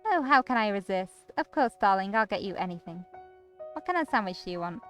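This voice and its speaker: A woman's voice: medium pitch, animated, brisk, a bit bright, faint music behind, natural voice. A woman voicing a sweet, doting but controlling young woman from a visual novel, in a syrupy, fussing voice. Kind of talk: reading a visual novel aloud.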